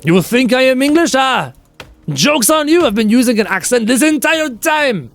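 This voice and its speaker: A man's voice: extremely high pitch, sing-song, normal speed, soft background music, pitched above the performer's own voice, heavily acted. A man putting on a teasing, exaggerated fake French accent as a mock-pompous Frenchman.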